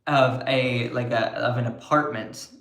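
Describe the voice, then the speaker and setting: A man's voice: mid-range voice, fairly even intonation, unhurried, a bit bright. Sarcastic man commentating in an echoey room. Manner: sarcastic, chatty, answers chat comments. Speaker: political commentator on a livestream. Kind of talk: casual livestream commentary.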